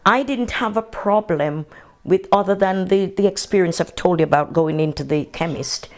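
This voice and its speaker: An older woman from Jamaica with a Jamaican accent, telling her memories in an unhurried, matter-of-fact way during an oral history interview. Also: on the low side, darkish tone.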